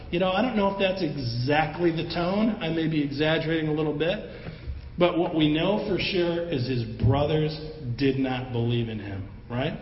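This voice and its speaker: A man with a fairly high voice delivers a casual, animated sermon and slips into the voices of the people he talks about. He is recorded in a roomy hall with a long echo, and the sound is somewhat dull, with faint ambience behind him. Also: moderate pace. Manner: conversational, animated, acts out the voices of the people in the story. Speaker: pastor.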